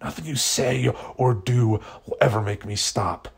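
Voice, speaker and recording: A man's voice: on the low side, lively intonation, a little slow, vocal fry, husky, heavily acted. A man reading the lines of a menacing, vengeful male speedster villain in a fan fiction story, speaking sternly. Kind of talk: fan fiction read aloud.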